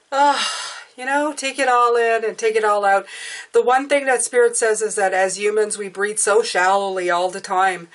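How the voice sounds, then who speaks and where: A woman giving a casual spoken tarot reading, gentle and chatty, speaking directly to her listeners and often checking in with "okay?". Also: mid-range voice, rough recording. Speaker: tarot reader.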